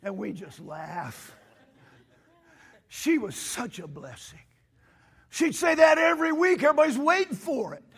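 A male pastor preaching a sermon in a church with impassioned, rising delivery, hoarse from losing his voice. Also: very high voice, big pitch swings, measured pace, long pauses, fairly bright tone.

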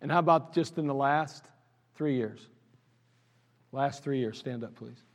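A man with an Ohio accent, a pastor telling his church's history in an anniversary sermon, animated and laughing at his own stories. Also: mid-range voice, normal speed. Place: church sanctuary. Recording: church service recording with long hall reverb.

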